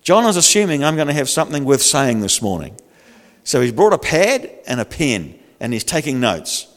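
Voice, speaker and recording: An older man preaching a sermon in a lively, humorous, conversational way. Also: mid-range voice, moderate pace, in a large hall. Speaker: pastor.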